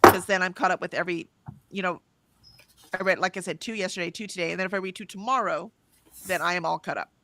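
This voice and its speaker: A woman co-hosting a livestream, chatting casually and reading viewers' messages aloud with lively lifts in her voice. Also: lowish voice, fast, background noise. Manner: chatty, reads messages with bright lifts, laughs often. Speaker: livestream co-host reading chat.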